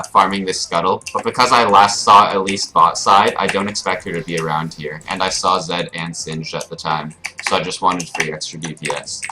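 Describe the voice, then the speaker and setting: This gaming streamer is a young man whose deep voice talks casually over his play, justifying each decision and leaning on frequent filler words. Keyboard clicking and typing sit in the noisy background.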